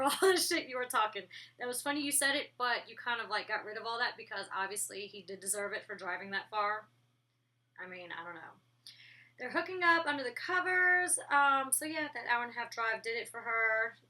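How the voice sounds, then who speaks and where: A young woman reviewing a reality show in a casual vlog, blunt and profane, talking with lively storytelling. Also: fairly high pitch, recorded from a distance. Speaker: reality show reviewer, former cast member.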